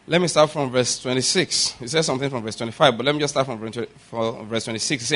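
A male pastor giving a sermon, asking the congregation questions, having them repeat after him, and rising to loud, emphatic preaching. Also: mid-range voice, quick pace, few pauses.

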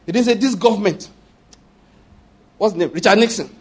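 A man preaching a sermon as a pastor, animated, repeating phrases and acting out prayers and dialogue. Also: sits high, fairly quick, breathy edge. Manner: repeats phrases and asks the audience for agreement.

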